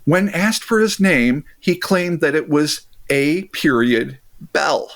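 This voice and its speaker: A podcast host telling a strange tale in casual chat, reading passages aloud and breaking off for jokes and swearing. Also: male voice, on the high side, animated, takes it slowly, a bit bright.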